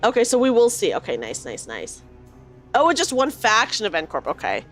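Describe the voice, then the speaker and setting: A woman's voice: fairly high pitch, huge pitch swings, a little fast, a bit bright, faint music behind. A woman streaming a game, chatting with viewers and reading dialogue aloud. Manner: chatty, reacts aloud and reads lines in character.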